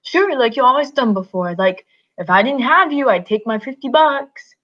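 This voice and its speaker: A woman's voice: high-pitched, animated, moderate pace, voice pushed up. A woman voicing a simple-minded, childlike big man who pleads in a raised voice, in a slightly muffled recording. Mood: pleading.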